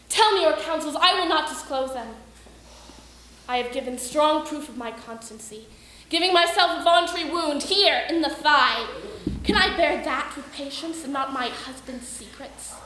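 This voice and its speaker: A devoted Roman wife, pleading and insistent, played by a woman with a high, bright voice. The stage recording carries a heavy room echo. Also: lively intonation, moderate pace. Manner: pleading, insistent verse delivery. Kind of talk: amateur stage Shakespeare. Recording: echoey room.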